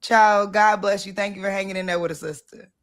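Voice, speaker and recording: A woman hosting a casual conversation, talking bluntly and in an animated way, acting out the things she says to people. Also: medium pitch, a little fast. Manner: blunt, animated, acts out her own past self. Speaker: host, founder of the organization.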